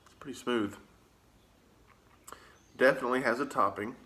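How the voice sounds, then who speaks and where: A man's voice: mid-range voice, normal speed, sharp tone. A man with a Southern US accent chatting casually in an easygoing, rambling way, with plenty of filler words. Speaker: pipe-smoking vlogger. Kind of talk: casual chat.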